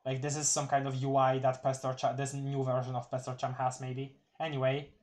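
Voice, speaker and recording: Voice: mid-range voice, completely flat delivery, a little fast, darkish tone. A streamer doing a casual live read-through of a webcomic, giggling, rambling and restarting words. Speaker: streamer reading a webcomic aloud.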